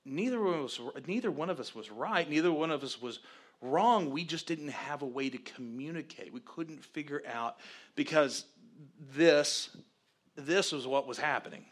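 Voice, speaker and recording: A man co-hosting, candidly telling a story about his marriage in an animated way. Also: fairly high pitch, normal speed. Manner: animated, grows loud acting out past arguments. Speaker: co-host, husband telling the story.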